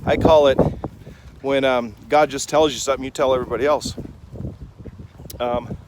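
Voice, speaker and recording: A man's voice: medium pitch, fairly even intonation, normal speed, noisy background. A man giving a casual devotional vlog while doing farm chores outdoors, rambling and talking fondly to his animals. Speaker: Christian vlogger. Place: outdoors on a rainy farm and in a chicken coop. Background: chickens clucking nearby.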